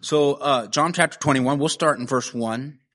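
Male pastor, mid-pitch, earnest and chatty sermon delivery. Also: normal speed, a bit bright. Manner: earnest, conversational, frequent "right?" and "you know".

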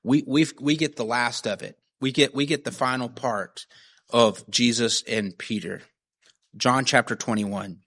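A man's voice: mid-range voice, fairly even intonation, a little slow, a bit bright. A man preaching a sermon in an earnest, conversational way, often checking in with "right?" and "you know". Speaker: pastor.

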